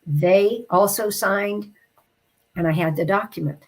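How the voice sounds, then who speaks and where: Appearing as an interview guest, a woman with a medium-pitched voice shares a personal story. Her delivery is heartfelt and reflective, and she slows down whenever the emotional moments arrive.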